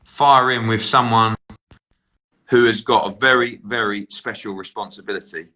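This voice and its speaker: A man's voice: on the low side, fairly even intonation, normal speed, bright, forceful tone, low-quality recording. Brash, upbeat man chatting on a phone. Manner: brash and upbeat, swears casually. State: a bit out of breath. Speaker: sports promoter. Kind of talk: casual live-stream chat with viewers. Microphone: phone held while walking.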